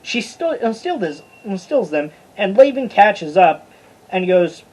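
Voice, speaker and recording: Husky voice, casual Bible lesson, chatty, informal teacher, stumbles on names. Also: medium pitch, very animated, takes it slowly, a little mellow, low-quality recording.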